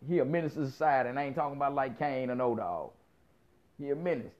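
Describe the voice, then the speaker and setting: A man's voice: mid-range voice, fast talker. A man giving a casual opinion monologue, blunt and profane, repeating himself for emphasis as he rants. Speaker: commentator. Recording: dull lo-fi sound.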